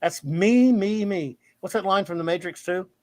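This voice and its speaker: A man with a high voice hosts a casual live talk show. He rambles playfully and pokes fun at himself. The sound is dry and close, with no room around him. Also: moderate pace, no room sound. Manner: rambling, playful, self-mocking. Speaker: livestream show host. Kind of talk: casual chat.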